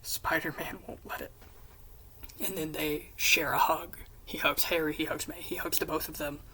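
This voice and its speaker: A woman casually retelling an episode pitch, rambling with quick asides and swearing, in a whispery, gravelly voice. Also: level tone, pushed and bright, poor audio. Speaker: fan pitch presenter.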